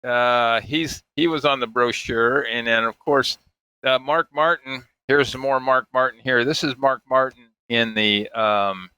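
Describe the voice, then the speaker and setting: A man's voice: mid-range voice, unhurried, pushed and bright, clean tone, no room sound, poor audio. An older man and father telling family stories in casual, rambling chat, chuckling and acting out the voices of people he quotes. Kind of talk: casual storytelling.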